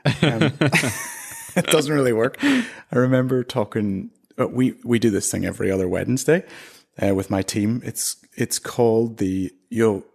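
A man's voice: medium pitch, moderate pace, vocal fry, a little mellow. A man in his thirties from Northern Ireland with a Northern Irish accent, chatting casually as an interview guest and laughing often.

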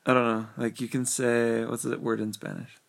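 A man's voice: mid-range voice, level tone, normal speed, vocal fry. A young man in a casual chat, easygoing, laughing along and explaining things.

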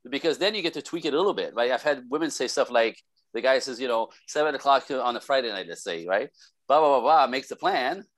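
A man speaking as a relationship expert guest in a casual podcast conversation, telling animated stories and acting out the voices of people he quotes. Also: mid-range voice, quick pace, dry recording.

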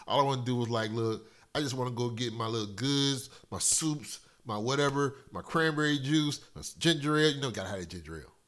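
A man's voice: medium pitch, a little fast, few pauses. Man rambling, profane podcast host. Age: middle-aged. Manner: loose, profane, rambling storyteller with big swings in loudness. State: slightly congested from a cold. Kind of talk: casual solo podcast monologue.

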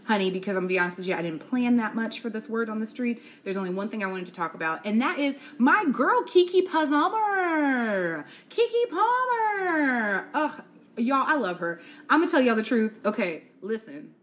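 A young adult woman hosting a casual solo podcast, gossiping in an animated way, laughing often and calling her listeners y'all, sis and honey. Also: mid-range voice, fast, few pauses. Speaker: podcast host.

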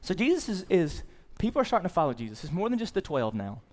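A male pastor preaching a sermon in an animated way, swinging into loud excited bursts and repeating words as he restarts. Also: high voice, fast talker.

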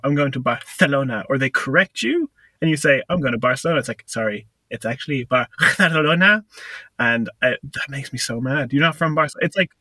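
A young man rants on a casual podcast, swearing and mocking other people's pronunciation. His voice is bright and forward. It is recorded close and dry, with no room sound. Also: mid-range voice, no room sound. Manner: ranting, mocks pronunciations, swears. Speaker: podcast co-host.

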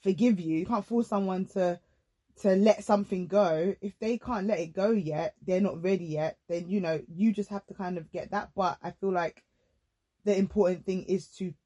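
A woman hosting a casual faith-based podcast conversation. She speaks earnestly and reflectively, often pausing to rephrase. Her pitch is mid-range. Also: dark tone, lo-fi sound. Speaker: podcast host.

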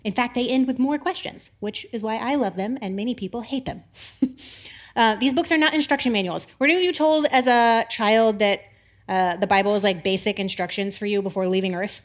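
Chatty animated woman preaching. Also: fairly high pitch, brisk. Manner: chatty, animated, acts out voices of biblical figures with laughs. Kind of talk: casual sermon.

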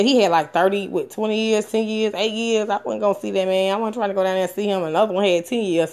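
A woman in her thirties telling a personal story candidly and frankly, swearing often, with many fillers and restarts. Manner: animated, with sudden rises in pitch and loudness. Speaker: storyteller sharing a personal experience.

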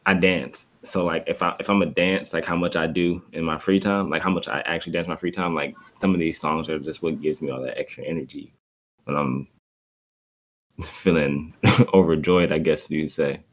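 Very deep-voiced man chatting casually. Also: steady tone, normal speed. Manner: upbeat, rambling with fillers like "like". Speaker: podcast co-host. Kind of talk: casual chat.

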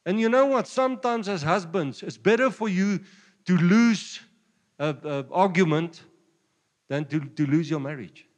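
A man with a South African Afrikaans accent preaching a sermon, jovial and quick to chuckle between points. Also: high-pitched, big-room sound. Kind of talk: sermon mixing Afrikaans and English.

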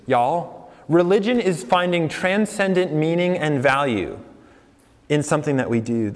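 Young man preaching casually to a congregation, talks with them, in a reverberant hall. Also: a little high. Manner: conversational, asks the congregation questions, laughs along. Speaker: pastor. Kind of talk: sermon.

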